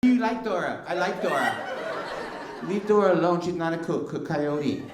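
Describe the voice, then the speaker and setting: Brash middle-aged comedian working the crowd. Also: male voice, fairly high pitch, animated, normal speed, background noise. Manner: teasing, brash, slangy. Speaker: stand-up comedian. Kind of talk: stand-up crowd work. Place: comedy club stage. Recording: roomy club sound from a distance. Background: audience laughter.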